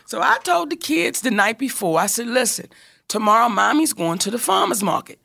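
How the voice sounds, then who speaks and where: A woman tells a personal anecdote casually and with energy, voicing what others said and swearing freely. She speaks fairly quickly in a slightly high, creaky voice.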